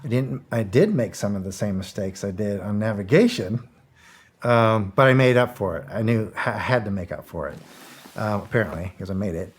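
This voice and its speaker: A man's voice: fairly low pitch, moderate pace, husky. Rambling, profane middle-aged man. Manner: rambling, repeats words, swears freely, acts out quoted dialogue. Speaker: guest, former special operations soldier. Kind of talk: casual interview storytelling.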